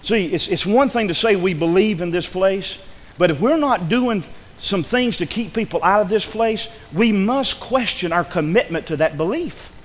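A man's voice: high-pitched, animated, normal speed, in a large hall, low-quality recording. A male pastor preaching a sermon, repeating phrases for emphasis and building to urgent peaks. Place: church.

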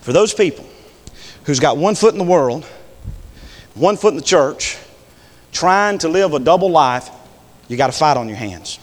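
Preacher guy, fiery sermon, voice jumps all over, big church echo. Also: medium pitch. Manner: preaching with sudden shouted peaks and drops. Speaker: pastor. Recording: long echo in a church hall.

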